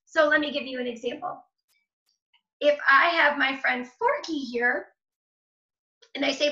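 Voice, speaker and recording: Woman, teacher, encouraging, slow word clapping, muffled sound. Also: high-pitched, reverberant. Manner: gentle and encouraging, sounding out words slowly. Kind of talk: online phonics lesson for children.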